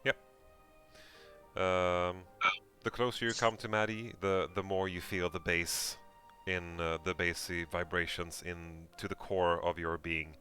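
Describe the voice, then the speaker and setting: A man narrating a tabletop game as game master, in a casual, halting way with many fillers. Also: sits low, fairly even intonation, bright, forceful tone, soft background music.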